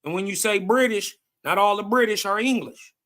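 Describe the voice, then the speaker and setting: Male co-host, bright forceful tone, slightly high, slangy explainer. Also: a little fast. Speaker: podcast co-host. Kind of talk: casual group discussion.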